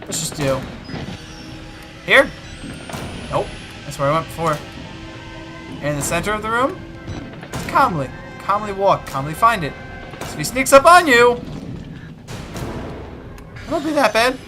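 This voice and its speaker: A man's voice: high-pitched, very animated, unhurried, long pauses. A man commentating a horror game, muttering and swearing nervously to himself. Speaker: let's play gamer. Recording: game music behind voice.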